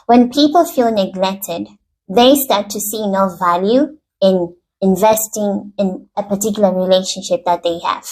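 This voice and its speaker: A woman's voice: mid-range voice, measured pace, a little mellow, low-quality recording. Earnest woman teaching about relationships. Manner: earnest, explanatory, uses examples. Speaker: relationship and self-help speaker. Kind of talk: self-help teaching to camera.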